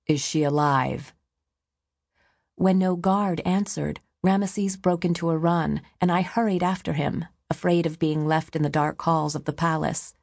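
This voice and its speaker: A woman narrating an audiobook in a measured storytelling manner. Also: fairly low pitch, fairly even intonation, vocal fry, darkish tone, no room sound.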